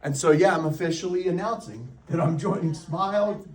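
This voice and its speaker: A man, a real estate coach, telling a story to a live audience with laughs and lively asides. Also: on the high side, brisk, echoey room, distant mic. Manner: animated, laughing, talks to the crowd.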